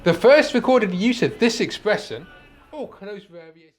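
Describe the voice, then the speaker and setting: A meek, fussy man with a high voice that leaps up and down in pitch, playing a pedantic pensioner in a comedy sketch. He sounds gentle and a little worried. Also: sing-song, normal speed, faint music behind. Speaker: timid, pedantic pensioner character.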